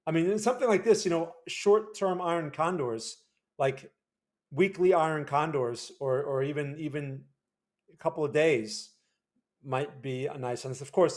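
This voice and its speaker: A man hosting a livestream of market chart analysis in a casual way, often tagging his sentences with a quick question to his viewers. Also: mid-range voice, a little mellow. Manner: casual, frequent tag questions.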